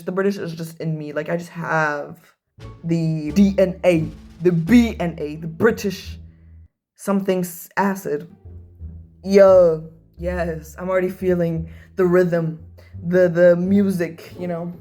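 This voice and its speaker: A young woman talks through a makeup vlog in a fairly low voice, chatty and gossipy. She fills every gap with "like" and jumps into loud outbursts. Faint music plays underneath. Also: unhurried. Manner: animated and gossipy, heavy use of "like", sudden loud bursts. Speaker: video creator. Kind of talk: casual chat vlog while doing makeup.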